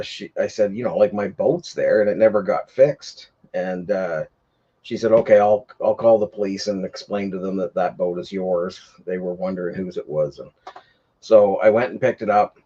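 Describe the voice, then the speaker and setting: A man's voice: sits low, mellow, breathy edge, lo-fi sound. A man hosting a casual livestream, telling a long rambling story with lots of fillers and restarts. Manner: rambling, many fillers, gets heated retelling. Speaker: livestream host.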